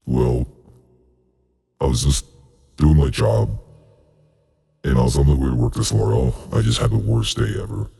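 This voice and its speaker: A man's voice: extremely low pitch, expressive, moderate pace, creaky, pauses often, mellow, breathy edge, heavily acted. A man voicing a flustered young woman worker sprouting tentacles, rambling tearfully in a tabletop role-play. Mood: upset.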